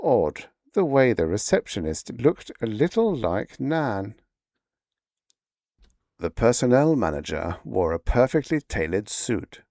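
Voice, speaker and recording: A man narrating a bedtime sleep story in an unhurried, low voice. His pitch moves expressively across a wide range, and the sound is dry and close. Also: mellow, no room sound.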